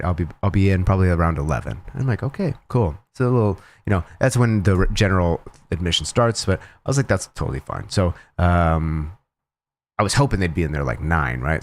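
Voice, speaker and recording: A man cosplayer chatting casually with his livestream viewers, telling a long story with many restarts and fillers. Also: deep voice. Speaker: cosplayer streamer.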